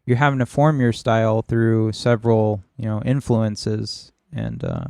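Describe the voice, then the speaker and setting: A man's voice: fairly low pitch, lively intonation, a little slow, gravelly, dark tone, smooth, no echo, clean studio sound. A man co-hosting a horror film podcast, opinionated and wry, swearing casually as he talks. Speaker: podcast co-host. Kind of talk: casual chat.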